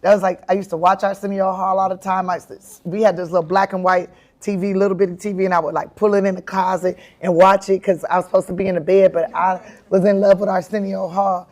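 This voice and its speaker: Animated woman telling stories with laughter. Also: mid-range voice, fast. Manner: animated, acts out her own quotes with bursts of laughter. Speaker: comedian and actress, interview guest. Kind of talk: candid storytelling in an interview.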